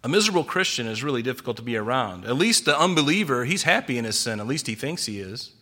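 A man preaching an expository sermon, animated and full of rhetorical questions. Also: medium pitch, fast talker. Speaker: pastor.

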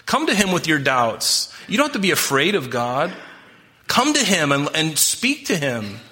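A man's voice: on the high side, very animated, moderate pace, pushed and bright. A man preaching a sermon as pastor, emphatic and impassioned, talking straight to his congregation.

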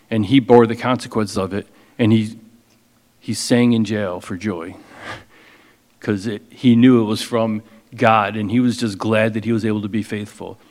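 A man preaching as a pastor, reading scripture slowly with emphasis and then explaining it in a casual, conversational way. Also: on the low side, darkish tone, long reverb tail. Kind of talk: expository sermon.

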